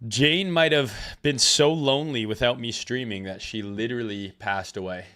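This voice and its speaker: A man's voice: medium pitch, normal speed, bright, forceful tone. A man hosting a crypto trading livestream, chatting loosely with profanity and greeting viewers from the chat. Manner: loose, profane, reads chat names aloud. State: recovering from illness.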